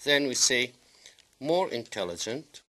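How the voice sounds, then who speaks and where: A man who speaks Kurdish natively, teaching English grammar by slowly repeating and drilling word forms. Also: medium pitch, sing-song, bright, forceful tone. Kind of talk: language lesson.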